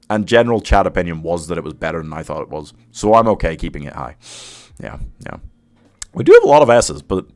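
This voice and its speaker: A man hosting a live stream, chatting casually, giving opinions and reading viewer comments aloud, laughing often. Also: deep voice. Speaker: streamer host ranking films.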